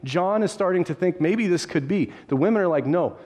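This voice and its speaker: A man's voice: sits high, animated, brisk, a little mellow. A man preaching a sermon, retelling a story vividly and addressing listeners directly, with frequent restarts. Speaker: pastor.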